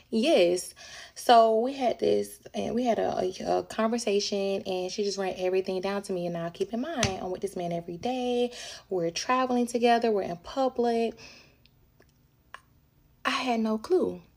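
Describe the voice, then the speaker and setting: A woman's voice: mid-range voice, moderate pace, gravelly. A woman telling a personal story in casual chat, acting out what people said to her. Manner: animated, acts out quoted dialogue. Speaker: storyteller on a reaction video.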